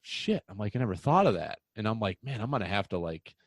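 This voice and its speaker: A young man hosting a casual hunting podcast, telling rambling, excitable stories. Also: lowish voice, fast, dry recording. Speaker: podcast host.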